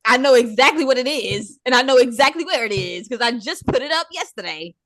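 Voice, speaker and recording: A woman's voice: a little high, animated, a little fast, fairly bright tone. A woman hosting a podcast in casual chat, teasing her co-hosts playfully. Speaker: podcast host.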